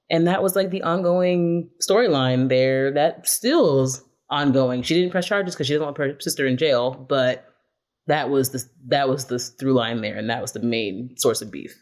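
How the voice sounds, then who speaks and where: A woman's voice: rumbling low, unhurried. A woman chatting on a podcast as a music correspondent, retelling reality show drama and acting out the quotes. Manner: animated storytelling, acts out quotes. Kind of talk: casual podcast chat. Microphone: studio microphone.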